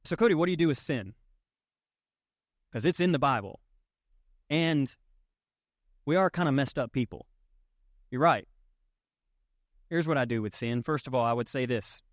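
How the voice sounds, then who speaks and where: A man's voice: medium pitch, normal speed, pauses often, no echo, clean studio sound. A man preaching a sermon as pastor, conversational and emphatic, with rhetorical questions to the congregation. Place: church sanctuary.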